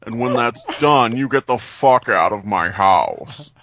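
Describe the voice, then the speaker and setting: A man voicing a bored, menacing teenage bully in a flat, gravelly drawl. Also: mid-range voice, a little slow, a little hiss or hum.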